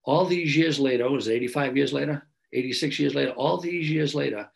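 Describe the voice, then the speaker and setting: A man's voice: mid-range voice, fairly quick, vocal fry, rough recording. A man, telling his recovery story in an earnest, conversational way over a video call. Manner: earnest, conversational, repeats phrases, frequent "right?". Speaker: recovery meeting speaker. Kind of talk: personal testimony talk.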